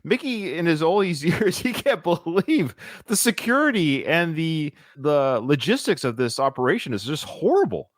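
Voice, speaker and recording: A man's voice: a little high, normal speed, few pauses, no room sound, studio quality. A man hosting a casual podcast chat, laughing as he recaps scenes. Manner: lively, laughs often, reads and recaps scenes. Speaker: podcast host.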